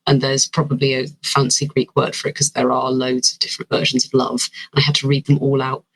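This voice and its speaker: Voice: medium pitch, fairly even intonation, fairly quick, gravelly, slightly rough, low-quality recording. A British actor as a podcast guest, talking in a thoughtful, rambling, self-deprecating way over a remote call. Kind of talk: casual interview chat.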